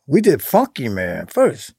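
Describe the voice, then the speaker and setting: Gravelly, husky older man. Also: mid-range voice, wildly swooping pitch, darkish tone, no room sound, clean studio sound. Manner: halting, many ums and you-knows. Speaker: musician guest. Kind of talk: casual interview talk.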